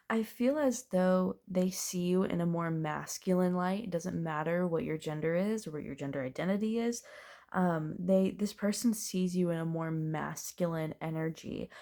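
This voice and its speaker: Turning over cards in a relaxed, talkative tarot reading, a woman with a fairly low, slightly mellow voice muses aloud. She laughs occasionally as she goes.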